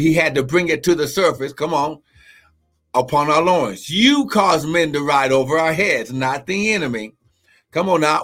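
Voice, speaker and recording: A man's voice: fairly high pitch, a bit bright. A man preaching a live-streamed sermon, with fervent repetition, calls of glory and speaking in tongues, greeting online viewers by name.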